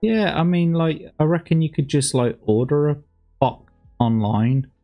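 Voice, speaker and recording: A man's voice: fairly high pitch, animated, measured pace, muffled recording, soft background music. A man casually commenting on a livestream, rambling and sweary with plenty of slang. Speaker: streamer reacting to old adverts.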